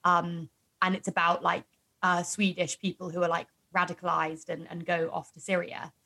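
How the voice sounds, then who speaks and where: A woman's voice: lowish voice, completely flat delivery, moderate pace, vocal fry, bright, forceful tone. A young woman co-hosting a pop culture podcast, talking in a chatty, emphatic way and laughing often. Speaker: podcast co-host. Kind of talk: casual chat.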